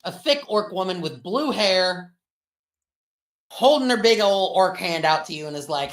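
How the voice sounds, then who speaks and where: A woman's voice: fairly low pitch, moderate pace. A woman player casually describing her character during a tabletop game. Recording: echoey, from a distance.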